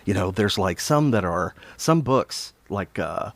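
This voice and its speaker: A man's voice: sits low, animated, unhurried, no room sound. Chatty man greeting viewers on a livestream. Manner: chatty, greets viewers warmly by name, chuckles often. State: a little out of breath. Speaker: livestream autograph-signing host. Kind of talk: casual livestream chat with viewers.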